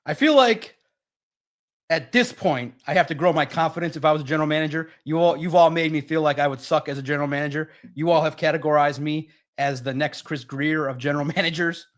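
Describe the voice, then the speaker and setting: A man's voice: fairly high pitch, fairly quick. A man hosting a live sports stream, talking casually and with energy straight to his chat viewers. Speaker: sports livestream host.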